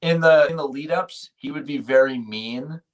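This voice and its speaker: A man co-hosting a podcast, telling stories in a casual, animated way with hesitant restarts. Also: on the high side, moderate pace. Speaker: podcast co-host. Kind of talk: casual chat.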